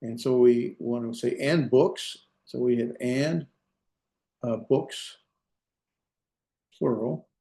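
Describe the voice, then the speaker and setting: In an echoing room, a middle-aged man with a warm voice and ordinary pitch teaches Hebrew grammar. His delivery comes across as unsure and self-deprecating, interrupted by frequent self-corrections and filler.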